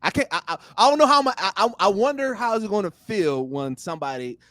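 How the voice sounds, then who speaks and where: High-voiced young man, dry close sound. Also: quick pace, no room sound. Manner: animated, repeats "here's the thing" and "you know what I'm saying". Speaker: podcast guest. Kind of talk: casual chat.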